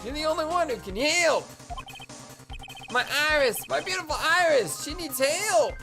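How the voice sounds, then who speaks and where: A woman voicing an excitable, panicky young man who stammers and shouts his lines. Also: high-pitched, normal speed. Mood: frantic. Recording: game music playing underneath.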